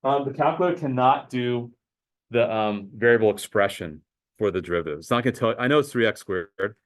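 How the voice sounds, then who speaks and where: A man teaching a high school math class in a casual lecture, talking the students through calculator steps. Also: fairly quick, poor audio. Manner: casual, talks to students as guys, thinks aloud with fillers.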